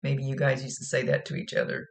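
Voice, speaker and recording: A woman's voice: extremely low pitch, very animated, quick pace. A woman working as a psychic medium, giving a rambling, chatty reading and often laughing. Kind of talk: casual spoken reading.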